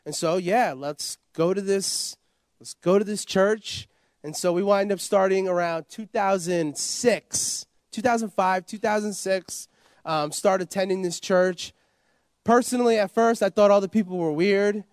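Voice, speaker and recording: High-voiced man telling his story. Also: measured pace, clear, resonant tone, dry recording. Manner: rambling, repeats himself, lots of "you know" and "like". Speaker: interview guest. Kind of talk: personal testimony, casual storytelling.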